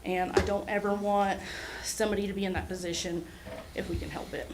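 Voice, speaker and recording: Speaking to a city commission in a city hall meeting room, a woman in her forties from Oklahoma, an EMS administrator, talks about her ambulance service. Her manner is earnest and heartfelt with a little nervousness, her middle-pitched voice level and fairly quick over a faint hum of room noise. She speaks plainly, like a medic more comfortable on a truck than at a podium.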